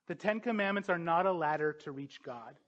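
A man preaching a sermon, earnest and emphatic, building to forceful peaks. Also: on the high side, expressive, a little fast, lo-fi sound.

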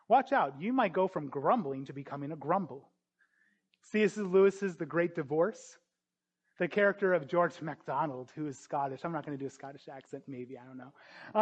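High-voiced earnest man preaching. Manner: earnest, emphatic, slows down on key phrases. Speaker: pastor. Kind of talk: sermon. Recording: dull lo-fi sound.

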